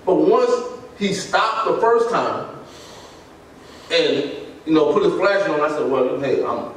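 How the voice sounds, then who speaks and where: Storytelling pastor in an echoey church. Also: male voice, on the high side, very animated, measured pace, distant mic, slight background noise. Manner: storytelling, laughing, acting out dialogue. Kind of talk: sermon testimony. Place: church sanctuary. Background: congregation responses.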